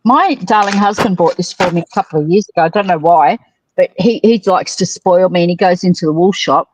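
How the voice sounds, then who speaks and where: A woman's voice: fairly low pitch, brisk, noisy background. A woman hosting a casual knitting livestream, cheeky and teasing with crude jokes. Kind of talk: casual chat.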